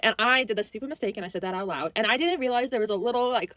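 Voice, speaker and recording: A woman's voice: on the high side, very fast, hardly any pauses, a bit bright, dry recording. A young woman telling a dramatic story-time tale, acting out the dialogue. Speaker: storyteller in a social media clip.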